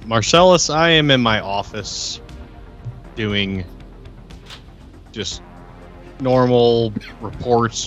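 Slow, low-voiced man at a game table. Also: a bit bright. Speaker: player. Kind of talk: casual chat at a game table.

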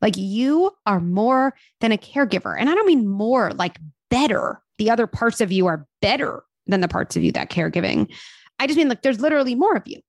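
Animated woman giving parenting advice. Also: on the high side, brisk, vocal fry, no echo. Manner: animated, uses many fillers and acted quotes. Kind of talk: casual conversational advice.

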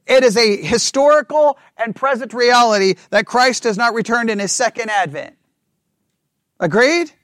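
A high-pitched man leads a Bible class. He thinks out loud, restarts his sentences, and keeps asking the room whether they agree. The sound is dry and close, with almost no room echo. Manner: checks in with listeners often, asking for agreement; talks through ideas out loud with restarts. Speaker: Bible study teacher.

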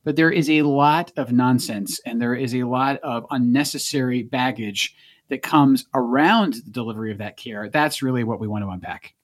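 A man's voice: mid-range voice, moderate pace, dry recording. A man with a Scottish accent, a doctor chatting as a guest on a podcast. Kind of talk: casual podcast chat.

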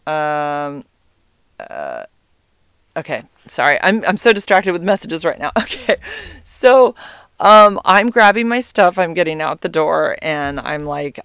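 Middle-aged woman, casual storyteller, distracted and profane, smooth tone, dry recording. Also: low voice, animated, measured pace, a bit bright, dry recording. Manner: rambling, easily distracted, swears freely. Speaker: mother telling a personal story.

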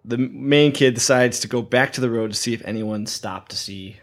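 A man's voice: medium pitch, fairly quick. A man co-hosting a podcast, laid-back and laughing often while recapping a film. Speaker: podcast co-host. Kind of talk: casual podcast chat.

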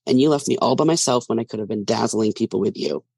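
A man's voice: on the low side, fast talker, creaky, darkish tone, breathy edge, no room sound, studio quality. A man voicing a tearful, theatrical young man who pouts and scolds his partner, his voice thick from crying. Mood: pouting. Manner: dramatic and sulky.

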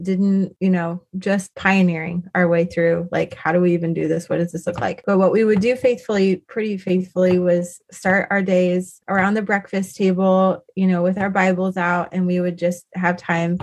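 A woman in her thirties, a podcast guest, talking casually about her faith and her kids, rambling with lots of "like" and "you know". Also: medium pitch.

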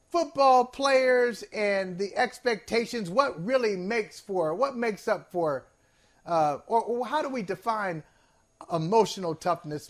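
Man, sports talk host, high voice, discursive, emphatic, playful, self-correcting. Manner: discursive and emphatic, with restarts and asides; sincere and playful, laughs at himself. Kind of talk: sports talk show chat.

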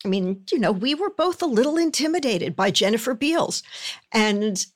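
Woman, guest, casual chat, storytelling, thoughtful, halting. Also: a little high, sing-song. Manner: thoughtful, halting, restarts phrases. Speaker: guest, series creator.

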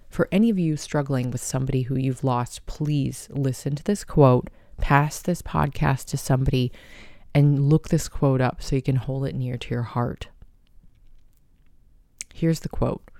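A woman hosts her own podcast in a gentle, heartfelt, unhurried voice. Her tone is dark and mellow, with a gravelly edge. The recording is close and dry. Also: rumbling low, no room sound. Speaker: podcast host. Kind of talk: personal podcast talk.

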